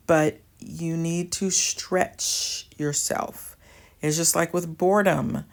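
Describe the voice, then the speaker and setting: A woman with a low voice gives advice straight to her viewers. She talks slowly and deliberately. She is earnest and plainspoken, as if coaching someone one on one. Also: gravelly, a little mellow. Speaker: channel host giving advice. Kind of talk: direct-to-camera advice talk.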